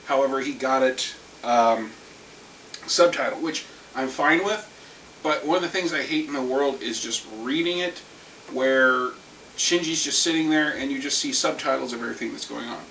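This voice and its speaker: A man ranting casually about anime, rambling and animated, swearing now and then. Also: mid-range voice, moderate pace, vocal fry. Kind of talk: casual rant. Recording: echoey room, far from mic, faint hiss.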